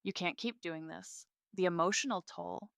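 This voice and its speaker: A woman doing a steady male doctor, concerned and firm, speaking low. The delivery is crisp and clear in a dry, close recording. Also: moderate pace, no echo.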